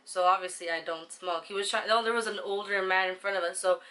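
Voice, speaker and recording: A young woman tells a personal story to her viewers in a casual vlog. Her voice is bright and forward. She rambles, slips into slang and swears now and then. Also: mid-range voice, steady tone, fast. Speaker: vlogger.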